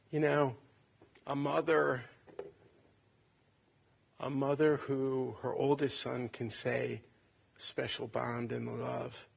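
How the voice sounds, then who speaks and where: A man in his late sixties from Ohio, a son giving a halting, tender eulogy at a funeral. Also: medium pitch, creaky, breathy edge. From Cleveland, Ohio. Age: 60s. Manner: halting, reflective, tender storytelling.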